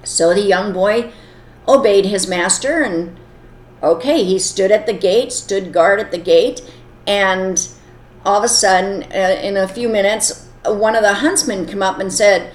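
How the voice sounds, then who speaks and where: A woman's voice: mid-range voice, a little slow. An earnest woman telling a moral story and then explaining its lesson, with plain wording. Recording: echoey room.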